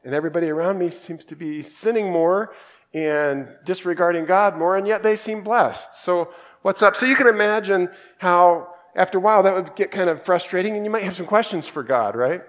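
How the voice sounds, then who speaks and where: Brief: man preaching to a congregation, easygoing and conversational, slightly raised pitch. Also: a little fast. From Australia. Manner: conversational, acts out quoted voices, reads scripture aloud. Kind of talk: casual sermon talk.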